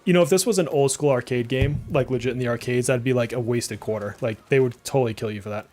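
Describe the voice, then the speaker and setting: A fast-talking streamer with a medium-pitched, darkish voice comments live on his game, faint music behind him. A speech impediment and a mild Massachusetts accent show through on some words, and his chatty, rambling talk is full of "like" and aloud reactions.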